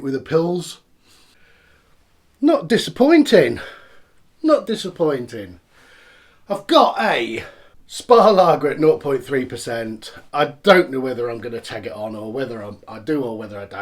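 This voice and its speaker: A man casually reviewing beers and cider on camera, chatty and rambling as he tastes each one. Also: mid-range voice. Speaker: beer reviewer.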